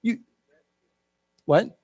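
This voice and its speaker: A middle-aged man leading a casual English lesson, chatting and rambling, with animated quoted voices. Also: very slow, no room sound. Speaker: English teacher. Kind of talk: casual classroom lecture. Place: lecture room.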